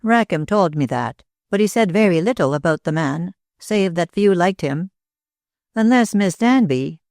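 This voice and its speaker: A woman voicing a small, intense older male inventor who speaks in a grave, deliberate way in an audiobook. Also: lowish voice, expressive, darkish tone, no echo, clean studio sound.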